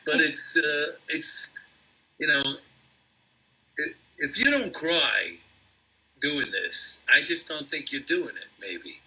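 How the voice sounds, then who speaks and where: Male guest, former teacher; husky, very bright tone; halting, heartfelt storytelling. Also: a little high, animated, rough recording. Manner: halting, with many restarts and repeats. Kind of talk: emotional personal storytelling.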